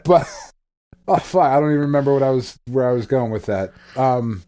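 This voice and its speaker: A man's voice: mid-range voice, brisk, dark tone. A man hosting a casual podcast, rambling and swearing with frequent laughs. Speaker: podcast host.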